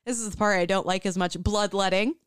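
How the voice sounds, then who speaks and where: A young adult woman hosting a podcast, telling a story in casual chat, animated, swearing freely and often breaking into laughter. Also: medium pitch, brisk, slight background noise.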